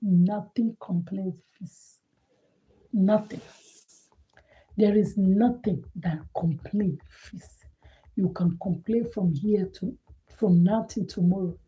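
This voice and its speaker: A woman's voice: medium pitch, slow, highs cut off. A woman giving a motivational monologue, earnest and emphatic, who keeps repeating her key points. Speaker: motivational speaker.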